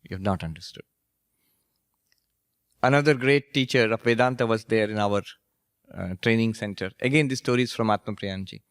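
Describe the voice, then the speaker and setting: A monk and spiritual teacher giving a storytelling lecture, anecdotal and gently humorous. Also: male voice, fairly low pitch, moderate pace, pauses often, smooth, no room sound, clean studio sound. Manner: anecdotal, gently humorous, laughs at his own stories.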